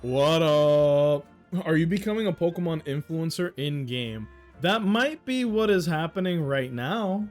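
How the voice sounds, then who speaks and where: Faint music sits behind a man whose voice runs on the high side, with lively intonation and normal speed. In this let's-play with friends, he jokes around, swears a lot, and riffs on what the game's characters say.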